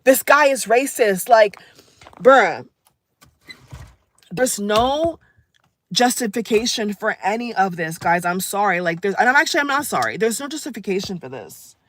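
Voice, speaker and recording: A woman's voice: mid-range voice, animated, normal speed, a bit bright, slight background noise. A woman vlogger delivering an angry, emphatic political rant to her viewers, repeating phrases for stress and calling them "guys.". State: angry and upset.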